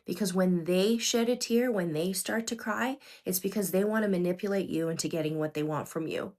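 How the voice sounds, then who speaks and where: A woman's voice: lowish voice, fairly quick, a little mellow. A middle-aged woman hosting a livestream, talking earnestly and directly to her viewers and often checking in with them. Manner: earnest, addresses viewers directly with frequent "okay?". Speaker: livestream host. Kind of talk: unscripted livestream talk to viewers.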